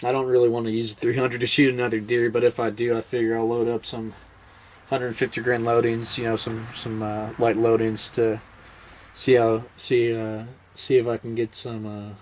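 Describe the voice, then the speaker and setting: A man's voice: mid-range voice, level tone, normal speed, darkish tone. A man, a military veteran, casually telling a hunting story in a rambling, laid-back way with many fillers and restarts.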